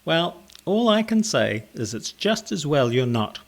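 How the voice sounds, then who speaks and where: A man's voice: on the high side, big pitch swings, a little slow. A man voicing a tired female tortoise who answers in a dry, wry tone.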